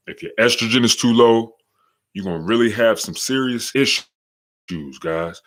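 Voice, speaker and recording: A young man with a slight New York accent, hosting a casual live-stream podcast, slangy and hyped, shouting out viewers in the chat. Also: mid-range voice, normal speed. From Charlotte, North Carolina. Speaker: podcast host.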